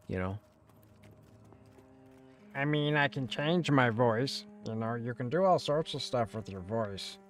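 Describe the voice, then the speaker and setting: A man's voice: mid-range voice, darkish tone. A man streaming a game, chatting casually and musing aloud while reading chat questions.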